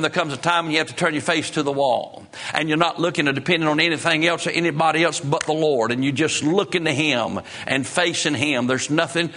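An impassioned male preacher delivers a sermon in a bright, ringing tone. His pitch sits a little above the usual, and his folksy phrasing carries him from hushed lows up to soaring peaks. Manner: folksy grammar. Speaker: pastor.

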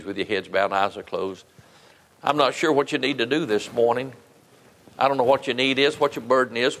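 A man's voice: mid-range voice, a bit bright, long reverb tail. A man preaching a sermon and leading an altar call, earnest and pleading, repeating his phrases for emphasis. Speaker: pastor.

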